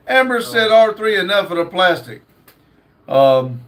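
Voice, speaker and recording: A man's voice: sits high, sing-song, slow, pauses often, a bit bright. A man hosting a casual livestream, reading viewer comments aloud with lots of fillers. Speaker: livestream host reading chat.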